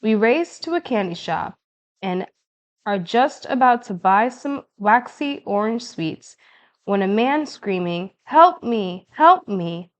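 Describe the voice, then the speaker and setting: A woman with a mid-range voice narrates an audiobook in the first person, telling the story in a measured, expressive way.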